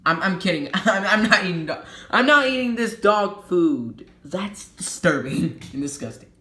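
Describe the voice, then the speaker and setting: A man hosting a logo history video, talking casually and playfully, cracking jokes and quickly correcting himself. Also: high voice, lively intonation, sharp tone, reverberant. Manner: playful and jokey, self-correcting with quick apologies. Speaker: YouTube logo history host. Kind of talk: casual explanatory commentary.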